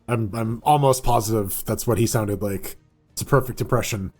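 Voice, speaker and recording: Jokey excitable man on a gaming podcast. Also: fairly low pitch, moderate pace, husky, faint music behind. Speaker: podcast co-host. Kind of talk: casual live gaming chat.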